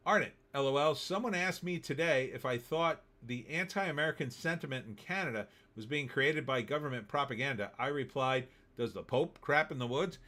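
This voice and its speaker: A middle-aged man from New Jersey hosts a casual live stream, reading chat messages aloud and answering them in a sarcastic, off-the-cuff way. His voice is bright and forceful, and he sits at an ordinary middle pitch for a man. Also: lively intonation, normal speed, few pauses. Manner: chatty, sarcastic, reads chat comments aloud. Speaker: livestream host reading viewer chat.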